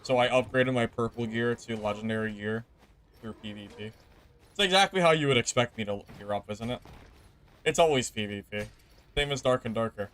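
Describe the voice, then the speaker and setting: Young male game streamer, mid-pitched, casual and chatty with self-mocking asides. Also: normal speed, fairly bright tone. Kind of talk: casual live gameplay commentary.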